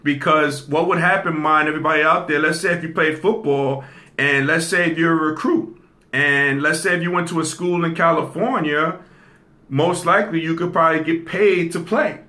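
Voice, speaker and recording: A male host talks through the news in a loose commentary style, often pausing to ask his listeners "okay?" His voice sits a bit high and has a bright, forceful edge, and he repeats key phrases to drive his points home. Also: fairly even intonation. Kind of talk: casual commentary.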